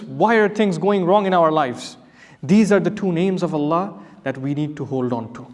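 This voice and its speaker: A man's voice: fairly high pitch, darkish tone. A man, an imam, giving an earnest Quran commentary lecture, asking rhetorical questions and reciting Arabic verses. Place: mosque hall. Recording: long hall reverb.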